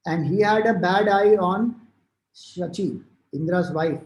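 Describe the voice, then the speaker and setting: A spiritual teacher with an Indian English accent gives a devotional discourse, explaining scripture and retelling old stories loosely, with fillers and restarts. His voice sits high with a darkish tone, he takes it slowly, and the room echoes.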